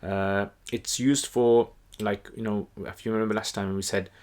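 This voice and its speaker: Low-voiced man teaching casually. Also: moderate pace. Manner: relaxed, conversational, frequent fillers and restarts. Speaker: Quran teacher. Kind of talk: casual explanatory lesson.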